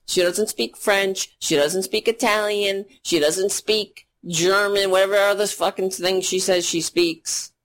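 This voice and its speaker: A woman's voice: medium pitch, fairly even intonation, unhurried, few pauses. A woman hosting a political commentary show, ranting in a sarcastic, profane, mocking way.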